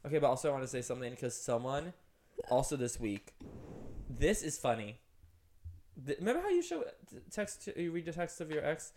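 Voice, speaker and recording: A man's voice: a little high, big pitch swings, brisk, a little mellow, slight background noise. A young man co-hosting a podcast, telling a rambling story in casual chat and filling it with "like". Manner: rambling storyteller, heavy use of "like". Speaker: podcast co-host.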